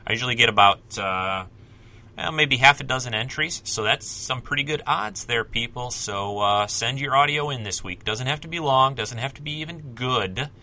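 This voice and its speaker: A man's voice: medium pitch, moderate pace, bright, forceful tone. A man hosting a solo podcast, talking casually and rambling with self-corrections and asides. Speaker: podcast host.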